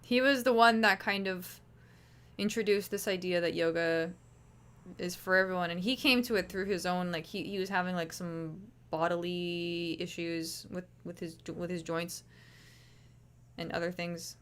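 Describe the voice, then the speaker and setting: A woman's voice: lowish voice, steady tone, normal speed, a bit bright, clean tone. A woman hosting a livestream, chatting casually and rambling with swearing and lots of restarts. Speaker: livestream host.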